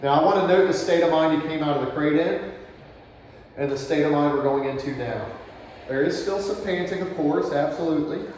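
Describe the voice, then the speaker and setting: A man working as a dog trainer, explaining his steps while he demonstrates, relaxed and praising the dog softly. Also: a little high, fairly quick, a little hiss or hum. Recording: distant, roomy outdoor camera audio.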